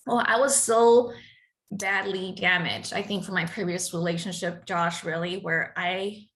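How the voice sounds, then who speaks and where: A woman's voice: fairly low pitch, steady tone, measured pace, a bit bright. A middle-aged woman from Nicaragua, a guest entrepreneur, telling her personal story in an interview, laughing often and acting out dialogue.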